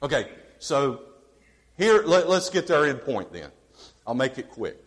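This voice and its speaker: A man preaching a sermon who swings from quiet asides to emphatic declarations and asks his congregation questions. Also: mid-range voice, big pitch swings, unhurried, in a large hall.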